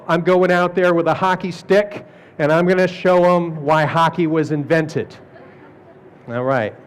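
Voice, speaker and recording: Animated man giving an art talk. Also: high voice. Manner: animated, jokey, acts out quoted people. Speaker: speaker at an art fair talk. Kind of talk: lecture presentation.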